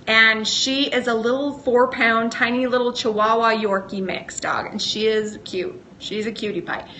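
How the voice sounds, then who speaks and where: A woman's voice: on the high side, sharp tone, slight background noise. A middle-aged woman speaking live as a motivational speaker, asking earnest questions and coaching her listeners along. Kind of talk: live motivational talk to camera.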